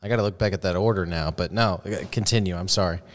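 A man's voice: low-pitched, quick pace. A man with a Texan accent hosting a casual interview, friendly and chummy, laughing often. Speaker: interview host.

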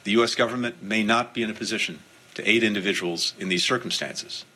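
A male senior official delivering a formal, deliberate statement. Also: lowish voice, pushed and bright, low-quality recording. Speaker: secretary of state.

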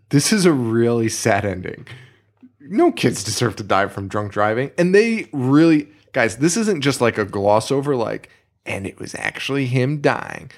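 A man's voice: mid-range voice, a little slow. A man co-hosting a podcast, talking casually and ranting with a lot of swearing. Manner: profane, ranting, animated. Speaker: podcast co-host. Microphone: studio microphone.

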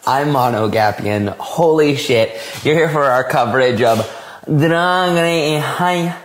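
A man hosting a podcast in campy, excitable casual chat, swearing freely and gushing over his guest. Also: on the high side, slow pace. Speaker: podcast host.

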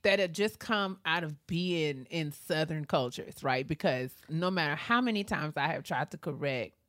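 Lively bright-voiced woman co-host. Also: deep voice, normal speed, no echo, clean studio sound. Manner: animated, laughing, acts out relatives' voices. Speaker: podcast co-host. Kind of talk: casual chat.

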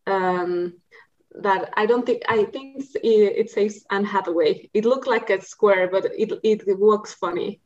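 Woman, guest; thoughtful and searching, mid pitch, dull lo-fi line. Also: unhurried, a little mellow. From Mexico. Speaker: podcast guest. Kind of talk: casual interview.

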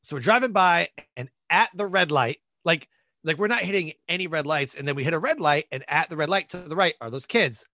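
An animated man tells a story as a podcast guest, his pitch leaping around as he acts out the voices of the people in it. His voice is on the high side and sounds bright and forceful. The recording is dry and close, with no room sound. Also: fairly quick, no echo.

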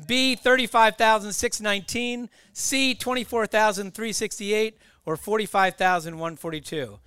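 Bright, crisp male quizmaster. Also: high-pitched, fairly even intonation, no echo. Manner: reads options slowly and clearly. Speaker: co-host running a trivia quiz. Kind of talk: quiz questions at a live show.

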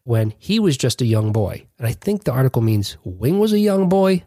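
A man's voice: mid-range voice, sing-song, normal speed, warm tone, no room sound, clean studio sound. A man hosting a podcast in casual chat, rambling and correcting himself as he jokes along. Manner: rambling, self-correcting, jokey. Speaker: podcast host.

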